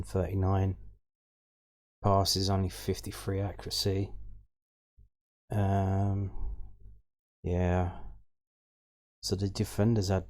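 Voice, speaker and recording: Guy going through football stats out loud, low monotone, lots of ums and trailing off. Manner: hesitant, many ums and restarts, thinking aloud. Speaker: football fan channel host. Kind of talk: casual stats rundown.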